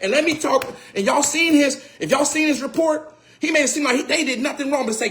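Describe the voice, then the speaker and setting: A man telling a personal story casually, animated and repetitive, swearing and getting heated. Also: very high voice, normal speed. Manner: animated, repeats phrases, swears, grows heated and shouts. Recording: roomy echo.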